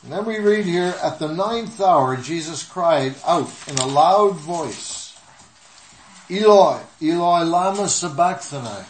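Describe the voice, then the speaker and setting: A man preaching a sermon in short measured phrases, pausing so an interpreter can follow. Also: on the high side. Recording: echoey room with faint noise.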